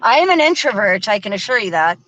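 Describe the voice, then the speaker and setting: A woman's voice: mid-range voice, big pitch swings, fast talker, fairly bright tone, no echo, muffled recording. A woman hosting a live stream in casual chat, chatty, laughing often and using lots of fillers. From American South.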